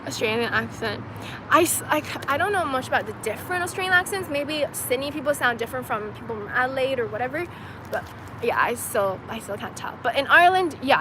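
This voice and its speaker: Chatty young woman with street noise. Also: fairly high pitch. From China. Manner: chatty and rambling, many "like"s. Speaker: streamer answering chat questions. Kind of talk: casual livestream chat. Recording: outdoor street and traffic noise.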